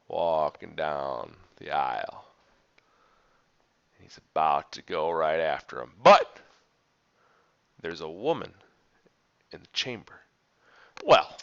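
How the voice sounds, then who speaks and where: A man teaching history as a story, animated and dramatic, with big swings in loudness. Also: medium pitch. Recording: dull lo-fi recording.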